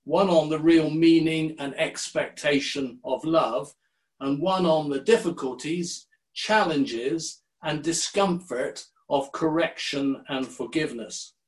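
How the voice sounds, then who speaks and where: Older male preacher, unhurried sermon delivery, slightly raised pitch. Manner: measured, deliberate delivery with quoted scripture. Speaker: minister.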